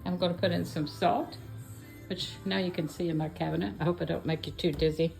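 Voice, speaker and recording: A woman's voice: lowish voice, steady tone, a little fast, gravelly, music in the background. An older woman from Kentucky with an Appalachian Southern accent, chatting casually and a bit out of breath as she walks her yard and cooks in her kitchen. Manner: homey, rambling, talks while walking and cooking. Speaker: home vlogger. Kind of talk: casual chat. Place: yard, then home kitchen.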